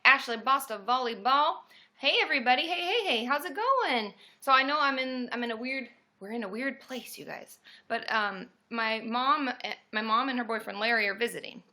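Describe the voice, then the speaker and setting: A woman therapist hosting a casual live stream from a room at home, greeting viewers by name and breaking into loud cheers. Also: fairly high pitch, lively intonation, moderate pace.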